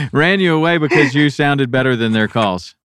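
A man hosting a casual interview, asking relaxed, encouraging questions. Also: a little high, no room sound, clean studio sound. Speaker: interviewer, podcast host.

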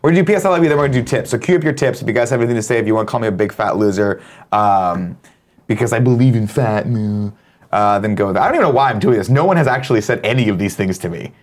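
A man's voice: medium pitch, very fast. A man hosting a casual morning chat show, joking and swearing as he banters with co-hosts. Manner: animated, jokey, profane banter. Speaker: show host.

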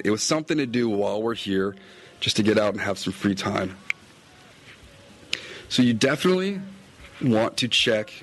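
A middle-aged man, a fly-fishing podcaster and guide, recapping his day in a chatty, meandering way, recorded outdoors. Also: mid-range voice. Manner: chatty, meandering, self-correcting. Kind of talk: casual rambling recap.

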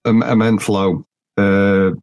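A man's voice: fairly low pitch, level tone, measured pace, darkish tone, clear, resonant tone, lo-fi sound. A man hosting a casual podcast, talking bluntly and rambling in colloquial speech. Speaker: podcast host.

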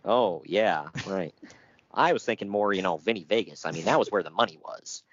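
A man's voice: low voice, normal speed, dull audio. A man co-hosting a casual chat, reading out notes with jokes and frequent laughter. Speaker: podcast co-host.

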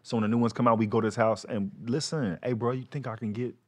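A man telling stories in casual comedic chat, slangy and animated, acting out quoted lines. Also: mid-range voice, fast talker, a little hiss or hum.

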